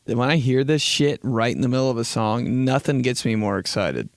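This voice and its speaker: A young man hosting a solo comedy podcast, animated and swearing freely as he acts out little scenes in other voices. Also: medium pitch, normal speed, creaky, dry recording, clean studio sound. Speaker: podcast host.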